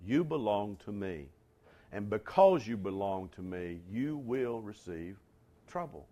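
A man's voice: on the low side, lively intonation, measured pace. Man preaching a sermon, emphatic. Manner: rising to emphatic near-shouts on key lines; addresses the congregation directly, conversational asides. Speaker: pastor.

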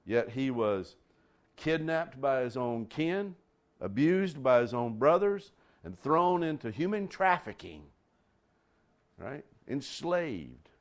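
A man preaching a sermon, telling stories and stretching key phrases with big rises in pitch. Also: sing-song, slow. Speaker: pastor.

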